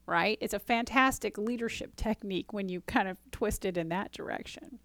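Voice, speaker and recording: A woman's voice: medium pitch, moderate pace, a bit bright, dry recording. Relationship coach, woman, conversational, dry close sound. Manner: conversational, often asks "right?"; acts out dialogue in quotes. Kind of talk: casual teaching talk.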